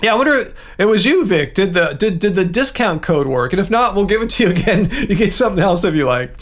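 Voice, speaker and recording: A man's voice: high-pitched, fast talker. A middle-aged man hosting a livestream, chatting casually and ranting as he answers viewer comments. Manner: chatty, ranting, animated asides. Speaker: livestream host.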